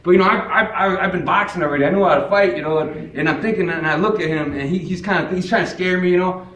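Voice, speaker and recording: A young man from Chicago telling a personal story on stage, animated and acting out the voices of the people in it. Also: sits high, fast talker. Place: live stage before an audience. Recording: echoey room, far from the mic, audience.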